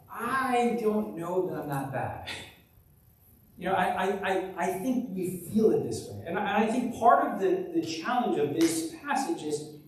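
A man's voice: high-pitched, a little mellow, distant mic, a little hiss or hum. A man preaching a conversational sermon as pastor, often restarting and repeating words. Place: church sanctuary. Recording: very echoey church live stream from afar.

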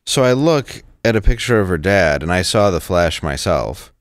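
Low-voiced man telling a story, halting. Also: animated, slight background noise. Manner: halting, repeats words, quotes others. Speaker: show regular telling a story. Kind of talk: casual storytelling chat.

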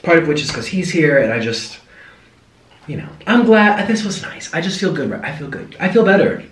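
A man's voice: a little high, very animated, normal speed, fairly bright tone, roomy sound, far from the mic, a little hiss or hum. A young man from the United States, chatting casually and rambling animatedly while eating on camera. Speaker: vlogger. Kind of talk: casual mukbang chat.

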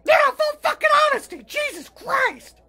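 A neurotic male turkey puppet whines and curses in a shrill, nasal squeal. His very high, bright voice leaps around as he melodramatically swings from self-pity to shouting. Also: very animated, slow, full character voice. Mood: outraged. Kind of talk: puppet comedy sketch.

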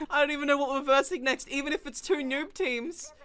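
A woman giving excited, chatty commentary on her own gameplay, with sudden yelps and laughs as the action turns. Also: high-pitched, moderate pace. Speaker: gaming streamer.

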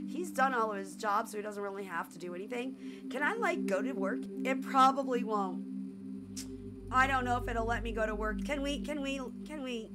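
Excitable woman narrating her gameplay. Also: high voice, normal speed. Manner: excitable, exclamatory, laughs often. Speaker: gameplay streamer. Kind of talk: casual let's-play commentary.

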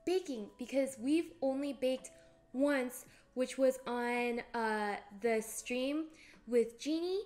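A bubbly young woman streaming live, chatting casually and giggling as she greets her viewers by name. Her voice sits high and light, and she talks into a desk mic. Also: slow pace, a little mellow. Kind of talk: casual live-stream chat while cooking.

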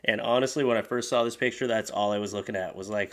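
A man's voice: on the low side, fairly even intonation, fast talker, hardly any pauses, a bit bright. A man hosting comedic commentary, reading posts aloud with crude, mocking sarcasm and exaggerated voices. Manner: sarcastic, crude, mocking, laughs at his own jokes. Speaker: commentary host.

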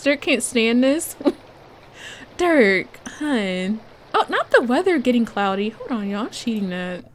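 A woman hosting a let's play, chatting excitedly through her gameplay and laughing often. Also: a little high, takes it slowly, a little hiss or hum. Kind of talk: casual gameplay commentary.

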